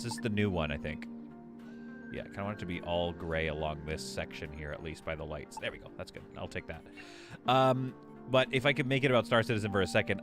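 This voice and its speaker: A man streaming a game live, rambling and joking as he thinks aloud while building. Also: lowish voice. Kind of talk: casual live gameplay commentary.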